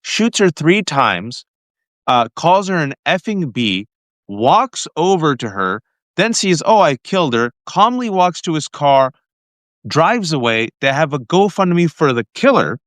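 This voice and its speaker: A man's voice: a little high, sing-song, slow, fairly bright tone, no room sound. Male host, live stream, urgent, earnest, dry audio. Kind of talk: live-stream political talk. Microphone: phone mic.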